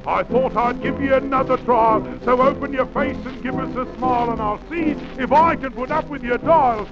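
A man singing the part of a boastful, salty old sailor in a comic music hall style on an old 78 record. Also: very high voice. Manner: comic sung-spoken music hall delivery. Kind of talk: 1920s comic novelty record. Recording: dull lo-fi 78 rpm record with band.

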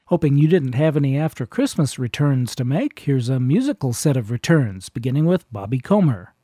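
A man's voice: medium pitch, expressive, fairly quick, warm tone, breathy edge, no room sound, clean studio sound. A man hosting a radio show, giving cheerful, plain scripted introductions to old records. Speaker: radio host.

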